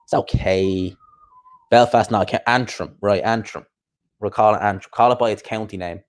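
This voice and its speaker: A man's voice: fairly low pitch, fairly even intonation, moderate pace. A man hosting a boxing channel, rambling casually on a live stream as he answers viewer comments aloud.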